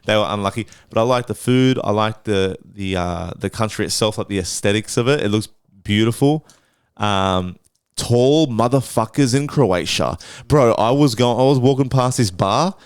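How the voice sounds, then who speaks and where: A man co-hosting a podcast, spinning travel stories with plenty of swearing and acted-out voices. His voice is smooth and clear, and the sound is dry and close. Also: on the low side, normal speed, dry recording. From Australia. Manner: animated, swears a lot, acts out voices in anecdotes. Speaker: podcast co-host. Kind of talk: casual storytelling chat.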